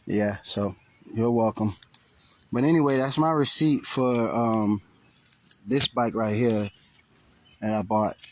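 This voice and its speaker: A man's voice: on the low side, slow, long pauses, no echo. A man telling a rambling, profane story on a casual outdoor livestream. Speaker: vlogger. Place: outdoors, riding around a graveyard.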